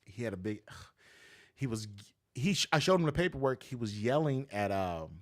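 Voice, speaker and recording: A man, a notary business owner, telling stories casually in an interview and acting out the voices he quotes. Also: moderate pace. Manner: animated, acts out quoted voices with big pitch jumps.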